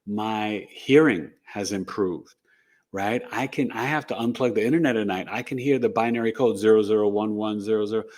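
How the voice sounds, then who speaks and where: A middle-aged man, an astrologer, tells a personal story as an interview guest, animated and rambling, with lots of "you know" and "right?". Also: lowish voice, normal speed. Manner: animated, re-enacts dialogue in the telling.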